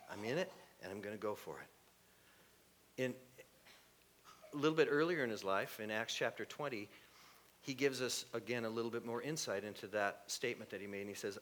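Animated man preaching a sermon. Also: mid-range voice. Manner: animated, mocking put-on voices, sudden loud bursts. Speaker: pastor.

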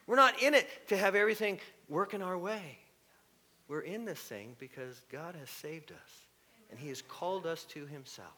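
A middle-aged man preaching a sermon, animated and shifting into mocking voices with sudden loud bursts. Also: sits high, normal speed. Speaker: pastor.

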